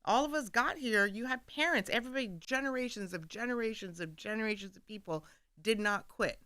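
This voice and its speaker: A woman guest on a radio studio show, telling stories with animated energy and laughing often as she acts out bits of dialogue. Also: fairly high pitch, brisk, no echo. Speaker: guest author. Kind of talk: candid storytelling in conversation.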